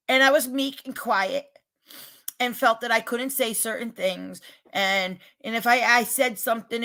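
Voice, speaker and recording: A woman with a regional American accent, rambling and emphatic as she talks straight to her livestream chat, getting loud when she is upset. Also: on the high side. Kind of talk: casual chat, defensive and venting.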